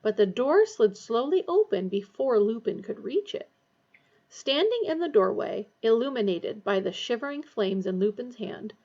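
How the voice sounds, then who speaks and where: A woman reading a novel aloud, giving the characters lively voices. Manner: lively character voices, raised pitch for dialogue. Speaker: audiobook reader. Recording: dull lo-fi recording.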